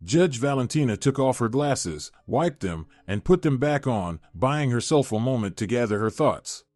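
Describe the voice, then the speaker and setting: Expressive male story narrator, lively pitch. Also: moderate pace, dry recording. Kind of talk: scripted first-person story narration.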